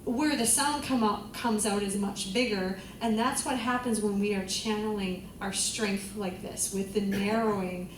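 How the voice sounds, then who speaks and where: A woman's voice: medium pitch, steady tone, measured pace, few pauses, a little hiss or hum. A woman vocal coach leading a group singing class, encouraging the students and singing vowels to demonstrate. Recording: roomy, distant mic, loud music.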